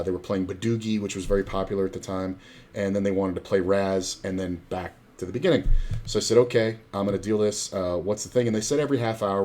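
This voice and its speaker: A middle-aged man telling stories on a casual stream, with a somewhat low voice. He rambles a little, swears freely and acts out what other people said. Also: darkish tone. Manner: profane, rambling anecdotes with acted-out quotes. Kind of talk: casual storytelling on a poker stream.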